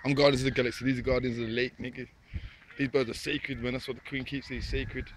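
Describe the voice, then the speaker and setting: Talking fast at medium pitch with little pitch movement, a man chats to his camera beside a lake. He's laid-back and repetitive and addresses the birds, and the phone recording is noisy.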